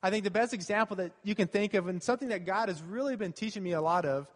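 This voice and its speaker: A man with a high voice preaches in an earnest, conversational way, going back over his main points. His voice carries a long reverb from a church hall. He sounds like a pastor talking straight to his congregation. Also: fast. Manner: earnest and conversational, repeating key phrases. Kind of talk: sermon.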